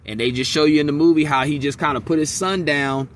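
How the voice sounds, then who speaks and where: A man giving a casual movie reaction, ranting in a profane, animated, rambling way. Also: on the high side, fast, a little hiss or hum. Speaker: movie reviewer.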